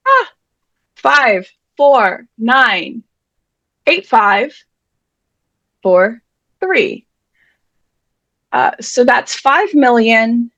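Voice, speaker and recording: A woman's voice: fairly high pitch, fairly bright tone, dry recording. Chatty woman hosting a word game. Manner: chatty, playful, self-deprecating. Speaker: host and emcee of an online writers' event. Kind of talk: casual live-stream game hosting.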